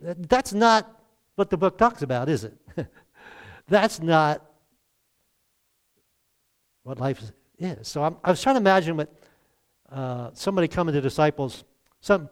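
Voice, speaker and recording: A man's voice: on the high side, expressive, unhurried, pauses often, clean tone. A man preaching a sermon in a conversational way, often chuckling and acting out the lines he quotes. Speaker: pastor.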